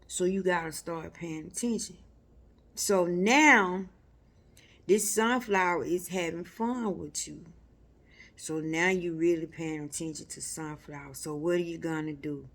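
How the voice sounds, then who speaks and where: Slow, preacherly woman teaching spirit. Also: on the low side, fairly bright tone. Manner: slow, repetitive, preacherly address to listeners. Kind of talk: unscripted spiritual teaching talk.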